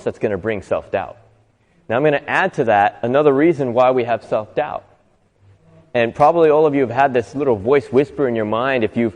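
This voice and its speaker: A man's voice: medium pitch, a little mellow. Man giving an inspirational talk in a reverberant hall. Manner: conversational, asks the audience rhetorical questions. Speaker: motivational speaker. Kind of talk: inspirational talk to a live audience. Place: live talk venue.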